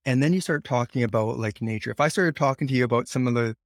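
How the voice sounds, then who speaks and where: A man speaking as a podcast guest, explaining ideas in a reflective, unhurried way with pauses. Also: medium pitch, dry recording, studio quality. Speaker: podcast guest on money mindset. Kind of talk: casual podcast conversation.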